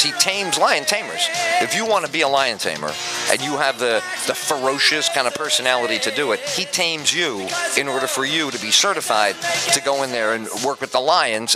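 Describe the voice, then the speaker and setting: A male radio talk show host telling a comic story as a rambling monologue and acting out the voices in it. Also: medium pitch. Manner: animated, rambling storyteller who acts out voices.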